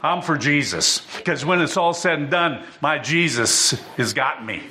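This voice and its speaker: A man preaching a sermon in a church, listing names in a steady rhythm and rising to fervent exclamations. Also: fairly high pitch, measured pace, crowd noise.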